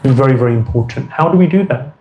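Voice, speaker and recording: A man's voice: mid-range voice, quick pace, highs cut off. A man giving an earnest devotional lecture as a spiritual teacher, often repeating phrases for emphasis.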